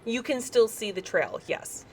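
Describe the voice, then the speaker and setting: A woman's voice: on the high side, animated, unhurried, a little mellow, a little hiss or hum. A woman running a tabletop game, narrating in vivid, unsettling detail. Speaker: game master.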